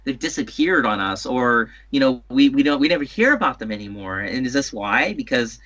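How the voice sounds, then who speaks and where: A man's voice: medium pitch, big pitch swings, brisk, bright, forceful tone, dull audio. A man co-hosting a podcast, chatting casually and giving opinionated commentary. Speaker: podcast co-host. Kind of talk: casual chat.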